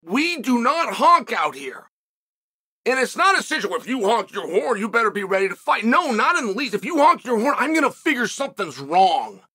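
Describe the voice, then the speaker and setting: A middle-aged man hosting his own show, telling a story in a casual studio monologue and acting out the shouting he heard. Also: very high voice, fairly quick, husky. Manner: animated, acts out shouted quotes. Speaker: show host.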